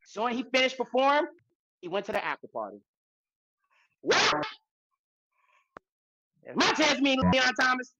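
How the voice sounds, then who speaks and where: A woman co-hosting a podcast, telling a story in a loose, animated way, repeating lines for emphasis and swearing freely. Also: high voice, fast, slight background noise, poor audio. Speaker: podcast co-host. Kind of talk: casual storytelling chat.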